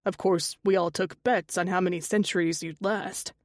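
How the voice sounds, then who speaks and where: A woman's voice: on the low side, steady tone, normal speed, dry recording, studio quality, close to an everyday voice. A woman reading the part of a teasing young male panther-shifter tattoo artist, wry and chatty, in an audiobook.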